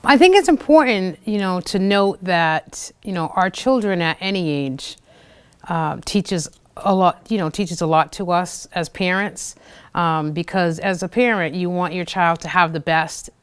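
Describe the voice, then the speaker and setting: Smooth-voiced woman telling a personal story. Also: lowish voice, a little slow. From United States. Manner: chatty, fillers and acted-out quotes. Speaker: host of a community TV show.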